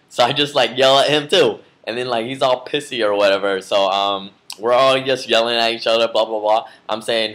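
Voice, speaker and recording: A man's voice: mid-range voice, steady tone, moderate pace, fairly bright tone. A man casually telling a story to camera in a vlog, rambling with lots of fillers and restarts. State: just woke from a nap. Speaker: vlogger.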